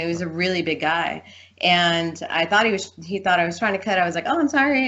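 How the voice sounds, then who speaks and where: A woman talking casually as a guest, telling a lively story and acting out the people in it. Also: fairly low pitch. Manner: animated storyteller, acts out quoted voices. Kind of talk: casual chat. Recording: dull lo-fi sound.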